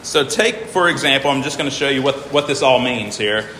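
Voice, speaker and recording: A man's voice: mid-range voice, a little fast, sharp tone, roomy sound, long reverb tail, a little hiss or hum, rough recording. A man teaching a class, patiently walking through examples and counting syllables aloud. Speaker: teacher explaining hymn meters. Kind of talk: informal classroom lecture.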